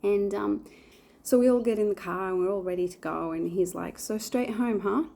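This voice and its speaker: A woman's voice: on the low side, a little fast, creaky, warm tone. A woman in her forties chatting casually to camera in a rambling way, with lots of fillers. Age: 40s. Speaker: vlogger. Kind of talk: casual chat.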